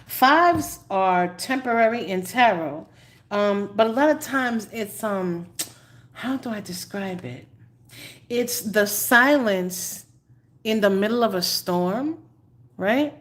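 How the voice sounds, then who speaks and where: Animated New woman telling stories. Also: mid-range voice, takes it slowly. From New York. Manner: animated storyteller, laughs often, dramatic asides. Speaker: tarot reader. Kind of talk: casual live-stream chat.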